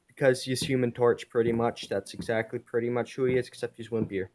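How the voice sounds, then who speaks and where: A man casually reading aloud a comic he drew as a kid, speaking quietly and making self-mocking jokes along the way. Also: mid-range voice, steady tone, brisk, a little hiss or hum. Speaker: video creator.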